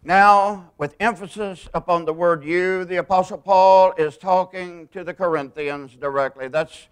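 Emphatic high-voiced male preacher. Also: fairly even intonation, clear, resonant tone. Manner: emphatic, stresses single words, slows for quoted scripture. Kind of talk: sermon.

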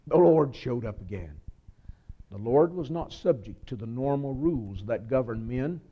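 Preacher, male, mid-pitch, dramatic storyteller dropping to a hush; dull lo-fi tape. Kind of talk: sermon. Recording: muffled lo-fi recording.

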